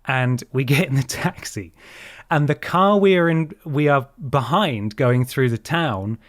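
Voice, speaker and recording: A man hosting a podcast who tells a story in an animated way and swears a lot. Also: mid-range voice, a little slow, no echo, clean studio sound. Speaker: podcast host. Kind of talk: casual chat, storytelling.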